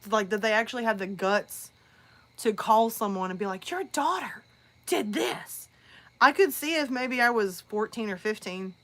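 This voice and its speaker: A woman's voice: medium pitch, moderate pace. A woman who narrates horror, chatting casually on a live stream and telling a story in a rambling way.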